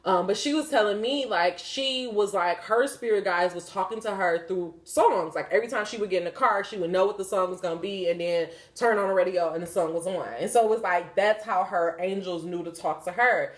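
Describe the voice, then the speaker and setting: A young woman hosts a podcast, talking candidly about spiritual signs with a mid-range voice, a fairly quick pace, and hardly any pauses. She rambles and swears, piling on fillers, and the recording has a roomy echo.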